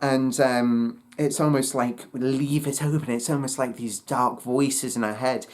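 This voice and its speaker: Hesitant man reviewing an album, unhurried. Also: medium pitch, fairly even intonation. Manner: hesitant, many fillers and restarts. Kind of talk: casual spoken album review.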